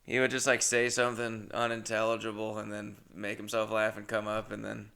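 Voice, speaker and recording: A man's voice: fairly low pitch, monotone, a little fast, creaky, sharp tone. A young man, a comedian, telling rambling, self-mocking stories in a laid-back way. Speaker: comedian and host. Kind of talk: casual comedic storytelling.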